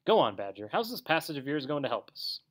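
A man's voice: a little high, big pitch swings, quick pace, pitched above the performer's own voice. A man playing a conceited storybook toad who brags and puffs himself up, his voice swooping up and down. A vain, showy animal. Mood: boastful. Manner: bragging, puffed up. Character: boastful conceited male toad.

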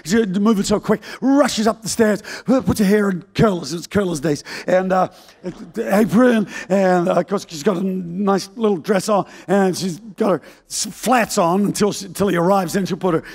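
An older male pastor preaching a sermon, telling a story in an animated, comic, fast-moving way. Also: sits high, slightly rough.

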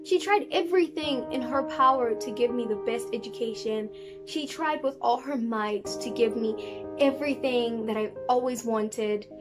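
A young woman from South Africa talking casually to camera in a sassy, animated way. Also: normal speed, over music. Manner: sassy and animated, talks with big pitch jumps. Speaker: vlogger. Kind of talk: casual vlog talk to camera.

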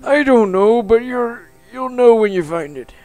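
A man voicing a vague, cryptic old man who guides a lost player, in a higher voice than his own. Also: expressive, a little slow, darkish tone, faint music behind. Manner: vague, patient, riddling.

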